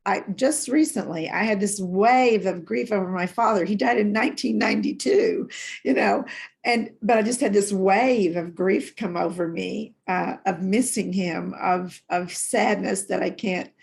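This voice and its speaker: An older woman hosting an interview, speaking in a gentle, reflective way. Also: mid-range voice, unhurried, creaky. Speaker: host. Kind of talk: conversational interview.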